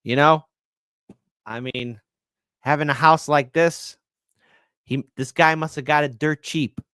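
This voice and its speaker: A middle-aged man hosting a casual livestream, joking and giving shout-outs to viewers. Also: fairly high pitch, fairly even intonation, slow pace, smooth, dry recording, clean studio sound. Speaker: livestream host.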